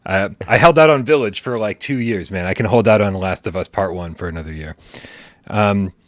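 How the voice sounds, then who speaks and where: A man speaking quickly as co-host of a live gaming podcast, easygoing and curious. His voice sits mid-range and sounds close and dry on a podcast mic. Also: lowish voice, dry recording. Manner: quick, curious, laughs along. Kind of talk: casual chat.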